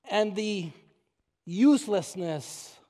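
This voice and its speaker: Puerto rican pastor, really high voice, slow emphatic preaching, big echo off the church hall. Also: male voice, expressive, dark tone. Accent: Puerto Rican Spanish. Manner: emphatic, repeats phrases and slows down for stress. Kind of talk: sermon. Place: church sanctuary. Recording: long reverb of a church hall.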